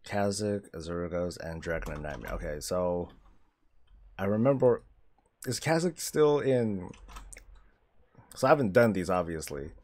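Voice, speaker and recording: A male streamer chatting casually while playing a game, animated, swearing freely and laughing often. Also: low voice, a little slow, long pauses. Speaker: streamer host. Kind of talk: casual gameplay commentary.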